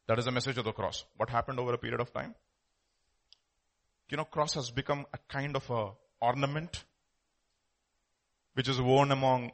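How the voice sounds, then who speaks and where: A man preaching a sermon, reading scripture and explaining it, swinging between loud exclamations and quiet asides. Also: mid-range voice.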